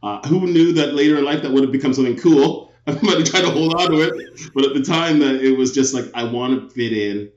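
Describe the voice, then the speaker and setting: A man's voice: medium pitch, brisk. An English-born man with a Canadian accent, a guest talking reflectively about his life in a casual interview. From England. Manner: reflective, with frequent restarts. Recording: roomy, dull lo-fi sound.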